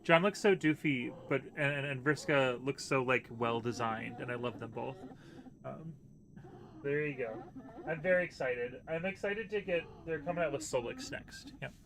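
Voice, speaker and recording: A man's voice: medium pitch, normal speed, a bit bright, a little hiss or hum. A man streaming a video game, chatting casually with viewers and reading the game's text aloud. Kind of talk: casual let's-play commentary. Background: game music.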